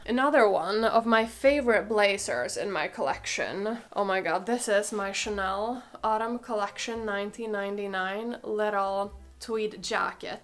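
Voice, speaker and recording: A young woman with a cold, chatting casually and gushing through a clothing try-on, full of "like" and "oh my god". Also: medium pitch. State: has a cold, a bit out of breath. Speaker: fashion vlogger.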